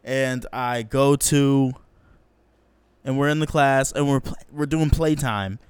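A young man talks through a childhood story on his solo podcast, loose and full of slang and swearing. His voice comes across smooth and clean, recorded very dry and close with no room sound. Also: slow, no echo. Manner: animated, profane, slangy, acts out quotes in a higher voice. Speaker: podcast host.

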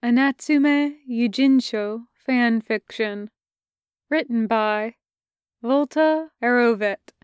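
Woman reading a story out loud, slow and unhurried, clean smooth voice, dry close sound. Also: on the high side, no echo. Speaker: podfic reader. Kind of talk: scripted narration.

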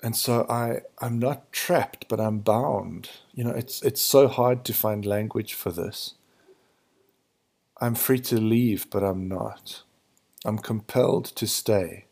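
A man hosting a podcast, thinking aloud in a hesitant, searching way, his voice hoarse and gravelly in the early morning. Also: lowish voice, steady tone, slow pace, a little mellow. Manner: searching, hesitant, restarts to find words. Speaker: podcast host. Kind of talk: reflective spiritual monologue.

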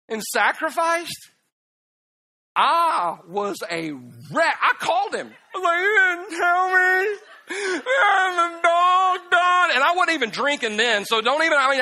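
This is a man, preaching with self-deprecating humor. His voice sits high and rings very bright. He tells his stories with big swings between quiet and loud. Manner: animated storytelling, swings from hushed to loud laughing outbursts. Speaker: pastor.

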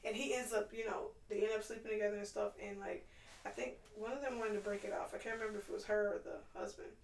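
A woman co-hosting a podcast, chatting casually and telling stories in an animated way. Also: medium pitch, fast, creaky, roomy sound, distant mic, a little hiss or hum, low-quality recording. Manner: animated storyteller, laughs often. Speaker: podcast co-host. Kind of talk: casual chat.

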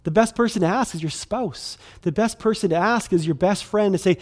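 A middle-aged pastor preaches as though he's just talking with friends, his voice pitched slightly high for a man. His delivery is conversational and full of fillers and casual asides, coming in quick bursts with frequent restarts.

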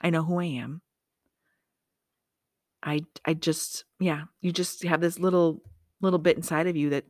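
Woman podcast host, deep-pitched, chatty motivational monologue, dry close recording. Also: steady tone, normal speed, pauses often, a little mellow, no room sound. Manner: upbeat, self-correcting, chatty with asides to herself.

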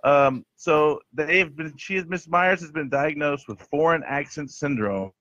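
A man hosting a jokey podcast chat, delivering bits with a deadpan tone. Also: fairly high pitch, unhurried, no room sound. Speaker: host. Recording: dry, dull lo-fi sound.

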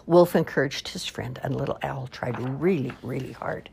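A woman reading children's stories aloud with expressive storytelling. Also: rumbling low, moderate pace, gravelly, few pauses, breathy edge. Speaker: storybook reader.

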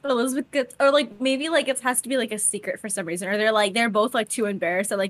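Animated young woman podcast co-host. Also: on the high side, fast, dry recording. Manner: animated, acts out quotes with laughter. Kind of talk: casual chat.

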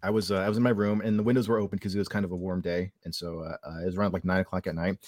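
A man's voice: racing, no room sound, studio quality. A man from California co-hosting a podcast, telling a long story in casual chat with many restarts and fillers. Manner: acts out quoted voices in a higher pitch. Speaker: podcast co-host.

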